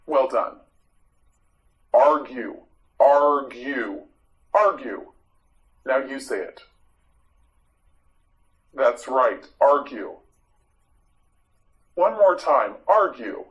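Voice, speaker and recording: A man teaching English vocabulary to learners, repeating each word clearly and praising patiently. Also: mid-range voice, animated, extremely slow, pauses often, fairly bright tone, lo-fi sound. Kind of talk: vocabulary drill lesson for learners.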